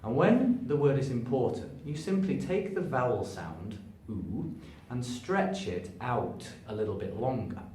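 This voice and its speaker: Speaking unhurriedly and with hardly any pauses, a man gives a spoken English pronunciation lesson to camera, stretching and stressing words to show each point with lively pitch shifts. He stands before a sign in an echoey room, stepping toward and away from a distant camera, so his voice sounds far off over faint background noise.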